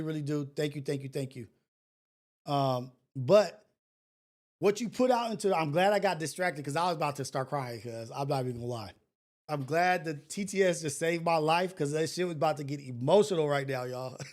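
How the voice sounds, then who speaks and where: Emotional, preachy male livestream host. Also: sits high. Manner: emotional, preachy, swings loud and soft; addresses viewers directly. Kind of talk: casual livestream talk.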